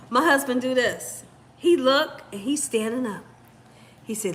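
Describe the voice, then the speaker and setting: A woman hosting a channel, telling a story in an animated, casual way and talking straight to viewers. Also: high voice, takes it slowly, long pauses. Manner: animated, addresses viewers as "y'all". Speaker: cooking channel host.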